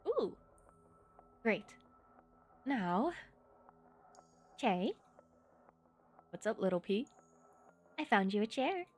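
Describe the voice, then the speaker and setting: A woman's voice: on the high side, big pitch swings, extremely slow, pauses often, soft background music. A woman hosting a game livestream, chatting casually and giggling often. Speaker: livestream host. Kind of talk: casual chat while streaming a game.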